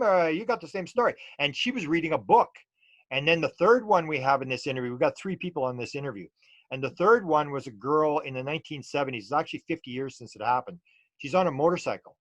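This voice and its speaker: A man's voice: mid-range voice, a bit bright, no echo. A middle-aged man, a UFO researcher talking as an interview guest and telling stories loosely with many restarts and fillers. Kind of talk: casual storytelling interview.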